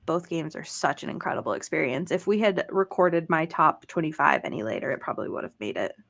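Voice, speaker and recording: A woman's voice: sits low, lively intonation, brisk, gravelly, fairly bright tone. A woman co-hosting a gaming podcast, chatting casually with lots of fillers and laughter. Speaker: podcast co-host. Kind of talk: casual chat.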